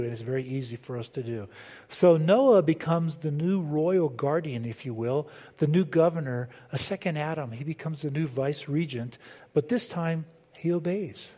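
Male pastor, sermon, slightly high voice, warm mellow tone, chatty, quizzes the crowd, long hall reverb. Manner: conversational, quizzes the congregation.

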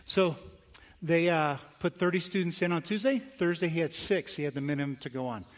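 Male pastor, fairly high voice, storytelling sermon, long hall echo. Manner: conversational, anecdotal, swings between quick asides and slow emphatic phrases.

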